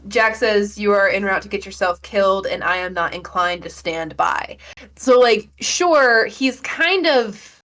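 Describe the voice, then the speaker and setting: Chatty woman co-hosting a film podcast. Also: mid-range voice. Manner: animated, quick run-on analysis with fillers. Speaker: podcast co-host. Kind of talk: casual film discussion.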